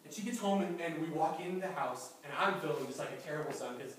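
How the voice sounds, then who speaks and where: A man preaching, telling a story in a lively, anecdotal way with light chuckles, recorded from a distance in a church sanctuary. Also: on the high side, fast talker. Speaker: pastor. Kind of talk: sermon storytelling. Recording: very echoey church hall from far off, faint noise.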